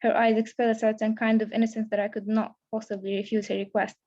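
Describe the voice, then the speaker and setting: Young woman reading her own story, kinda high and flat, muffled webinar sound. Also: quick pace. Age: young adult. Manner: steady first-person reading with small restarts. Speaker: creative writing student. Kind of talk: reading own fiction aloud. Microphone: video call.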